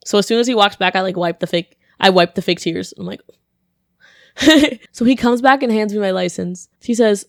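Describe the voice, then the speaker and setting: A young woman hosting a podcast and telling funny stories in a casual, animated way, laughing often and filling her talk with "like". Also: mid-range voice, brisk, smooth, no room sound, studio quality. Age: young adult. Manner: animated, laughing, full of "like" fillers. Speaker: podcast host.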